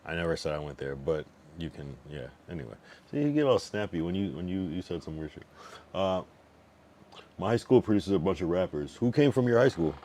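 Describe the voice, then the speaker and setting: A man in his late thirties talks on a livestream in a very low voice. He rambles loosely, swears freely and argues back at his chat. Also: sing-song, fairly quick, dark tone, a little hiss or hum. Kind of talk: casual stream chat.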